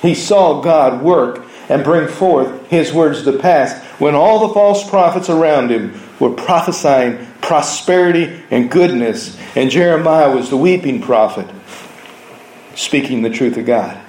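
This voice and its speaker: A man with a fairly high voice preaches a sermon, moving between quiet, earnest storytelling and louder, emphatic passages. The room echoes around him. His tone stays conversational and personal. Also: expressive, unhurried. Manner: earnest storytelling preaching, shifting between soft and raised delivery.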